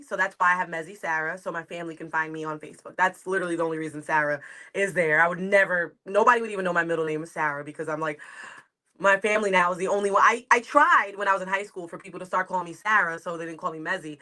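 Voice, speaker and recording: This comedian from the United States speaks with a New York accent in a fairly low, bright, forceful voice. As a guest on a video-call interview, she keeps the chat casual, wandering off on tangents and quick to laugh.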